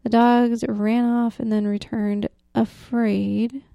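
A woman co-hosting a podcast, casually telling a folklore story, often dropping to a hushed whisper and laughing easily. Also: on the high side, little pitch movement, takes it slowly, creaky, no echo, muffled recording. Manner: drops to a hushed whisper for the spooky parts. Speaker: podcast co-host.

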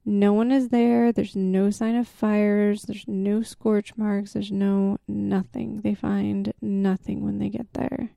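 Gravelly, mellow-voiced woman chatting casually. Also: medium pitch, no room sound. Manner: chatty storyteller, many fillers, laughs easily. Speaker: podcast co-host. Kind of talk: casual chat.

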